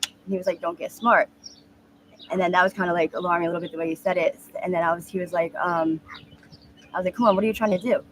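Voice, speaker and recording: Woman, 30s, street interview, candid and halting, quick pace, faint birdsong behind. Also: lowish voice, steady tone, a little hiss or hum. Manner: candid, halting storytelling with many fillers.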